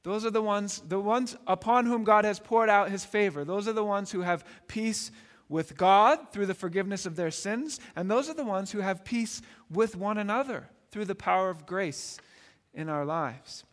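A man's voice: high voice, moderate pace, fairly bright tone, in a large hall. A man preaching a sermon in a conversational way, often repeating words and asking "right?". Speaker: pastor.

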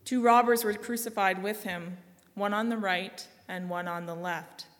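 A woman giving a solemn, measured scripture reading, slowing and softening at grave lines. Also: medium pitch, fairly even intonation, in a large hall. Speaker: scripture reader.

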